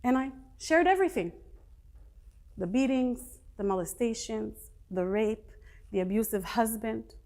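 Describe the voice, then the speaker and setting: High-voiced woman telling a dramatic story. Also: a little mellow. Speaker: motivational speaker. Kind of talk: personal story speech to a live audience.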